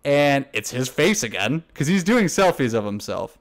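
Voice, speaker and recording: A man's voice: mid-range voice, very animated, normal speed. A young man co-hosting a casual chat, telling a story in a rambling, laughing way full of restarts. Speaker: podcast co-host.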